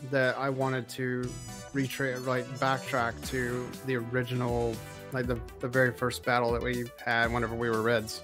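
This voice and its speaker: A man's voice: mid-range voice, completely flat delivery, normal speed, music in the background. A man playing in a tabletop role-playing game, speaking hesitantly with restarts. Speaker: player. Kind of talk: casual tabletop game play.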